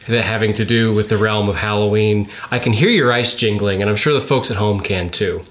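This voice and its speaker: A man's voice: on the low side, a little fast, fairly bright tone. A man co-hosting a podcast, joking and rambling in casual chat. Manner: joking, rambling, laughs often. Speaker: podcast co-host.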